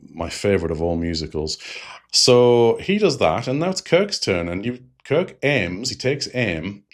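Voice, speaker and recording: A man hosting a review channel, recapping an episode in a rambling, digressive way with frequent fillers. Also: sits low.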